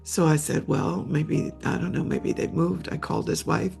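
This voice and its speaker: Gravelly older woman telling a painful story. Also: sits low, fairly even intonation, warm tone, soft background music. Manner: halting, repeats words, tearful retelling. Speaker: guest, memoir author. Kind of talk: emotional personal storytelling.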